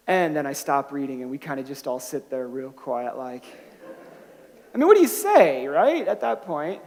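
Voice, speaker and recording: In a church sanctuary with long hall reverb, a male pastor preaches a sermon in a slightly high, somewhat mellow voice at a moderate pace, with big swings in pitch. He tells stories conversationally, often restarting his sentences, and rises into emphatic bursts on key points.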